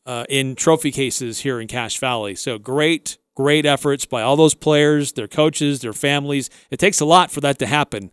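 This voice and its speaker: A man hosting a sports radio show, running through results in steady casual talk. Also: mid-range voice, clean tone, dry recording, clean studio sound. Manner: steady, listing facts plainly.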